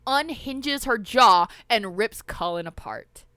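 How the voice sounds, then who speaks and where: A woman's voice: on the high side, expressive, a little slow, hardly any pauses, a bit bright, clean tone, dry recording. A woman in casual chat, recapping a movie scene by scene, with loose, profane asides. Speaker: podcast co-host.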